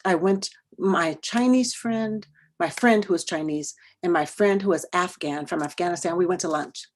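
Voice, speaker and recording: A middle-aged woman from the United States giving an educational workshop talk, moving between hushed earnest asides and loud emphatic bursts and repeating phrases for emphasis. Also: lowish voice, normal speed, a little hiss or hum. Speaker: workshop presenter.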